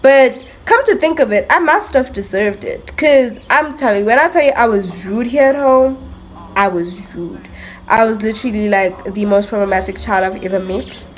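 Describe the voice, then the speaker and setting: A woman's voice: fairly high pitch, normal speed, slight background noise. A young woman vlogger telling a story in a chatty, self-mocking way, full of "like" and "literally". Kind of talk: casual storytime monologue.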